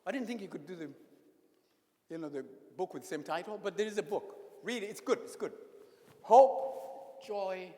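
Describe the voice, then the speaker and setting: A man preaching a sermon as a priest, expressive, sometimes dropping to a whisper when he speaks prayers. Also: high-pitched, fairly quick. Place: church sanctuary. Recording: echoey church hall.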